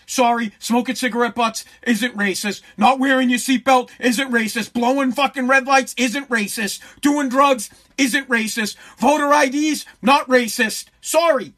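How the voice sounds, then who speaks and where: A woman's voice: sits high, fairly bright tone. A woman delivering a heated, profane political rant to camera, hammering her points with repeated rhetorical questions.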